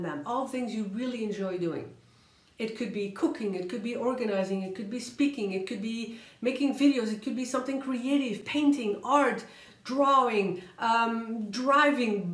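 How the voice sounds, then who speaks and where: A woman with a fairly high voice gives motivational career advice in a vlog. She talks in quick, emphatic bursts, repeats words for emphasis and slows down on key points. The recording carries a noticeable room echo. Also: fairly bright tone. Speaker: career coach and vlogger. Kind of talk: motivational vlog talk to camera.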